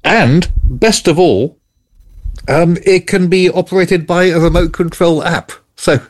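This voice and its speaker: A man's voice: a little high, a little slow. Chatty man presenting gadget news. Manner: chatty, explains then jokes and laughs. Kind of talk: casual radio chat. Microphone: studio mic.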